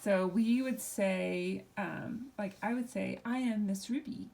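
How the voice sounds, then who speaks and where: A woman's voice: mid-range voice, takes it slowly, vocal fry, a little mellow. A middle-aged woman teaching a recorded language lesson, explaining step by step and asking herself questions as she goes. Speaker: Spanish teacher.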